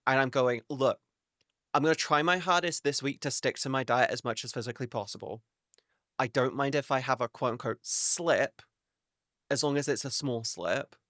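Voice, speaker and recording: A male streamer talks loosely to his chat, rambling from one thought to the next and dropping casual swears. His voice is bright and forceful, and it sits close and dry on a desk mic, with no room sound around it. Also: medium pitch, normal speed, no echo.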